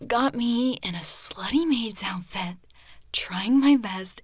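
A woman's voice: medium pitch, normal speed. A young woman performing a girlfriend audio role-play, teasing the listener in a playful, mock-offended way and often dropping into a whisper.

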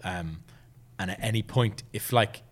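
A man's voice: fairly low pitch, unhurried. A man, hosting a casual podcast chat and telling a long story with many fillers. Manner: rambling storyteller, lots of fillers. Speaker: podcast host.

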